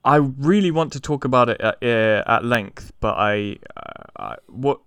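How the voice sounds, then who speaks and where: A man's voice: mid-range voice, expressive, unhurried, vocal fry, fairly bright tone, smooth, dry recording. A man co-hosting a casual chat, talking hesitantly with restarts but emphatic about his views. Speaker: podcast co-host.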